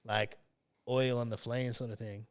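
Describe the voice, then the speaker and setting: Rambling man with a smooth voice. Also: mid-range voice, little pitch movement, measured pace. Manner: rambling, filler-heavy, often restarts his sentences. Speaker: podcast host. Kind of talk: casual chat.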